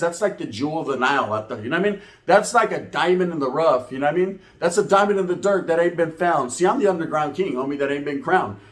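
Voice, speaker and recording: Brief: man, mid-high voice, comedic streetwise storyteller, profane and animated. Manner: profane, slang-heavy, animated.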